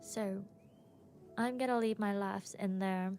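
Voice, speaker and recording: Woman stream host, casual rambling chat, nervous laughs, slow delivery. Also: medium pitch, fairly even intonation, a little mellow, soft background music. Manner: laughs often, talks about herself with a self-conscious, rambling manner.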